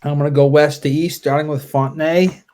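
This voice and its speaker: A man playing a tabletop wargame, calling out dice results and unit moves in a relaxed, deliberate way. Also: fairly high pitch. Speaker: wargame player. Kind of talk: casual play-through commentary.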